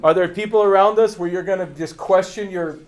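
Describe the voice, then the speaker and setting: A man with a high voice gives his agency team a fervent, sermon-like talk. He is blunt and repeats his points over and over, hammering them home with rhetorical questions. His delivery is confrontational and breaks into bursts of laughter. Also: steady tone, fairly quick. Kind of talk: fervent motivational preaching.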